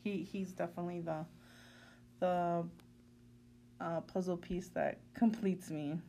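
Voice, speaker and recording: A woman in her thirties co-hosting a podcast, talking in a warm, reflective way and now and then dropping in a Spanish phrase. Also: on the low side, fairly even intonation, unhurried. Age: 30s. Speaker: podcast co-host. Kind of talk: casual chat.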